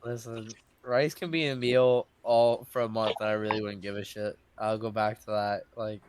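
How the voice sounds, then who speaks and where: A man's voice: fairly low pitch, little pitch movement, moderate pace, background noise. A man co-hosting a podcast, easygoing and emphatic in casual chat. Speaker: podcast co-host.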